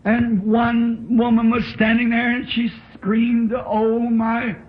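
A man's voice: extremely high pitch, flat delivery, takes it slowly. A man preaching a sermon in a church, telling his story with fervent emotion. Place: church tabernacle. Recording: dull lo-fi old tape recording.

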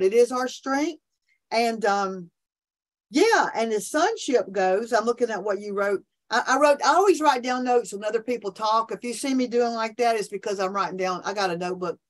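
A woman's voice: on the high side, expressive, normal speed. A woman talking about faith in an enthusiastic, preachy way on a remote call from her office, often restarting her sentences. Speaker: podcast guest, minister. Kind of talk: animated faith conversation.

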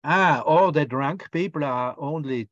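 A man's voice: on the high side, measured pace, a bit bright, no echo. A man student in an online language class, musing playfully about a word's meaning. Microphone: video call. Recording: dry muffled video call audio.

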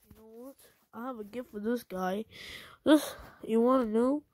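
A woman's voice: fairly high pitch, normal speed, mellow, a little hiss or hum. A young woman ranting angrily at another video maker, scolding and repeating herself. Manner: angry, repetitive, scolding. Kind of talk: angry rant at the camera.

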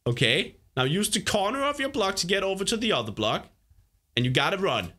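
A young man hosting a gaming video, patiently coaching a player through a course, excitable and laughing often. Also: sits high, a little fast. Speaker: gaming host.

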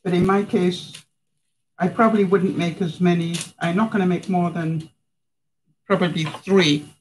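A woman's voice: fairly low pitch, steady tone, unhurried, slight background noise, poor audio. A chatty middle-aged woman from Canada cooking in her home kitchen during a live stream, talking to her viewers and laughing often. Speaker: vlogger. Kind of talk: casual live cooking demonstration.

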